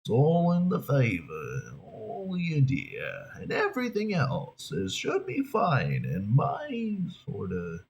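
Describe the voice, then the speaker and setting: An aged, scrawny comedian with a New York accent, as a man puts him on, rambles and stalls between his words. His pitch wanders widely from low to high. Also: huge pitch swings, gravelly, darkish tone, muffled recording, heavily acted. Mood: rambling. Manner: rambling, halting, mumbled.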